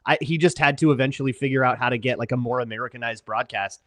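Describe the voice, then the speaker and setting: A man's voice: mid-range voice, fast, a bit bright, no room sound, studio quality. A man co-hosting a sports podcast, telling a rambling casual story full of filler words. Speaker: podcast co-host.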